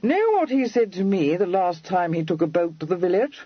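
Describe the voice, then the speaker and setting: A man voicing an amiable young Regency gentleman in an audiobook, drawling in clipped, slangy phrases with unhurried patience. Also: sits high, very animated, no room sound, lo-fi sound, voice pushed up. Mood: genial.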